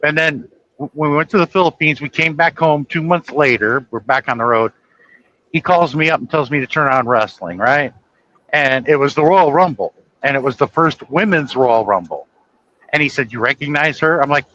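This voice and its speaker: A man's voice: on the high side, normal speed, pushed and bright, lo-fi sound. A man telling a long, rambling story in casual chat, acting out the dialogue as he goes. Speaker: guest storyteller.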